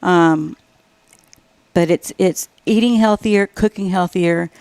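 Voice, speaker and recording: Gravelly-voiced woman co-host. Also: lowish voice, takes it slowly, a little mellow, no echo. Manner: brief, easygoing replies. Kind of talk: casual chat.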